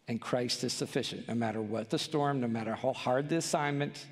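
A man's voice: medium pitch, a little fast, few pauses. A male pastor preaching a sermon in a church, driving his points home with rhetorical questions and pleading emphasis. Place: church sanctuary. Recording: long church hall reverb.

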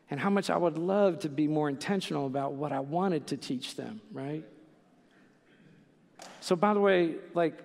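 Casual male preacher, middle-aged, gravelly and slightly high, echoing through a church hall. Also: darkish tone. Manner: conversational, with many fillers and "right?" asides. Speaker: pastor. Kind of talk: sermon.

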